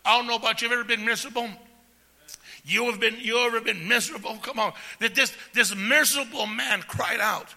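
Raspy high-voiced preacher in a reverberant church. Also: male voice, steady tone, fairly quick. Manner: preaching with call-and-response, swings from soft to shouting. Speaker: pastor. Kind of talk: sermon. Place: church sanctuary. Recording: long hall reverb.

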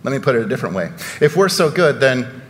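A man's voice: mid-range voice, sing-song, fast, in a large hall. A man preaching a sermon in a church, conversational and full of rhetorical questions and sarcastic asides. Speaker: pastor.

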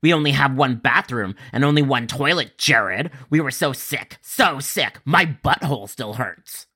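A man's voice: mid-range voice, lively intonation, measured pace, sharp tone, breathy edge, full character voice. A man voicing a furious woman caller who got sick, crude and accusing, dragging out her words. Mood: indignant.

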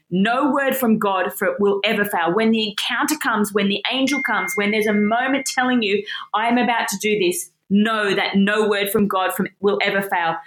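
A woman giving an expressive, emphatic Bible teaching talk in a conversational way. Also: medium pitch, echoey room, poor audio.

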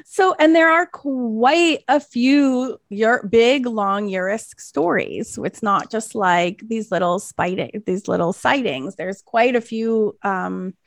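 A woman co-hosting a folklore podcast in casual chat, animated, laughing often and reading passages aloud. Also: fairly high pitch, slow pace, vocal fry, few pauses, no room sound, clean studio sound. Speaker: podcast co-host.

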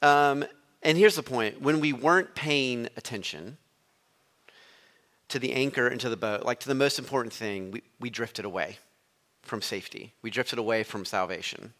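A man gives a sermon as a visiting preacher. His voice is bright and forceful. He speaks conversationally and leans on storytelling. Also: medium pitch, normal speed. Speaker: guest preacher.

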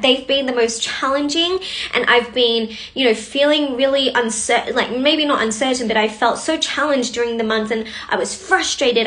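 A woman's voice: sits high, a bit bright. A young adult woman hosting a live coaching stream, chatting bubbly and casually with viewers and greeting them by name.

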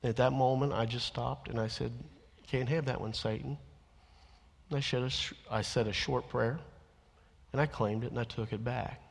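A male minister delivers an earnest sermon, swinging between loud, emphatic declarations and hushed, confessional asides. His voice sits at an ordinary middle pitch. The sound rings with the long reverb of a large church sanctuary. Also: fairly even intonation, brisk, creaky, slightly rough.

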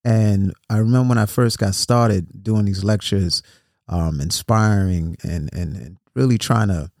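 A New York City podcast host and motivational speaker chats casually on his solo show, repeating words and often asking "right?" His voice is on the low side, measured and a little mellow, with clean studio sound and no room echo.

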